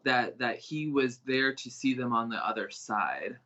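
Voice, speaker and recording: A man with a bright, forceful voice gives a live online psychic reading. He feels his way along, halting and restarting. The stream audio sounds dull and lo-fi. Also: mid-range voice. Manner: halting, searching, many restarts. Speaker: psychic medium reader.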